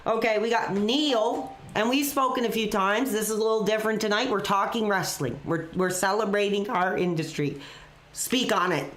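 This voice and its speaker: A woman's voice: mid-range voice, moderate pace, a bit bright. A woman hosting a live call-in stream, talking in an earnest, emotional, rambling way full of "you know" and "like". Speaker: call-in show host. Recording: roomy echo.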